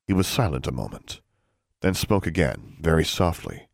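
A man reading a novel aloud as narrator, in an even, unhurried storytelling manner. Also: very deep voice, vocal fry, no room sound, clean studio sound. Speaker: audiobook narrator. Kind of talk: scripted narration.

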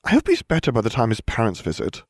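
A man's voice: medium pitch, huge pitch swings, dry recording, studio quality, voice pushed up. Man doing a prim teenage girl witch. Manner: prim, brisk. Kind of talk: fan fiction audiobook reading.

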